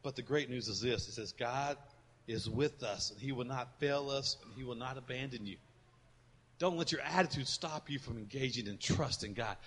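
Bright-voiced preaching man, echoing hall. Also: medium pitch, moderate pace, breathy edge. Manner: emphatic preaching with sharp swings between loud and soft. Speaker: pastor. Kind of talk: sermon. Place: church sanctuary with congregation. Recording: reverberant hall.

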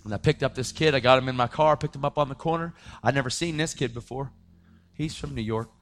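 A man preaching his testimony in a dramatic storytelling style, swinging between loud outbursts and hushed tones. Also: medium pitch, quick pace. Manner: acts out the voices of people in his story. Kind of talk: testimony sermon.

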